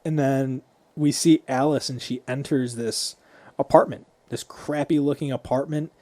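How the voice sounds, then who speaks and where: A man's voice: mid-range voice, fairly even intonation, unhurried, darkish tone, no echo. A man co-hosting a podcast, casually retelling a movie scene by scene and swearing freely. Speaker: podcast co-host.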